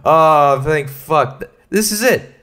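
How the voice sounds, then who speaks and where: A man's voice: fairly high pitch, expressive, takes it slowly, pushed and bright. A man hosting a casual solo podcast, rambling and swearing freely, often breaking into laughter. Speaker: podcast host.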